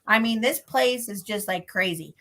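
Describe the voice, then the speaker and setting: A woman's voice: mid-range voice, normal speed. A woman hosting a show, telling a story in casual chat and acting out her own reactions. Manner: animated, acts out her own reactions in quotes. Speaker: podcast host.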